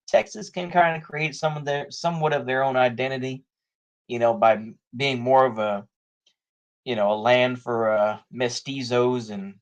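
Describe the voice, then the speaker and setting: A man talking casually in rambling political commentary, full of "you know" fillers and frequent laughs. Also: mid-range voice.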